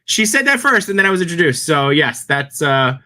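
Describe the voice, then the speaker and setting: A young adult man co-hosting a podcast, telling stories in a rambling, animated way and laughing often. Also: on the high side, fairly quick. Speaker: podcast co-host. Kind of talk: casual chat.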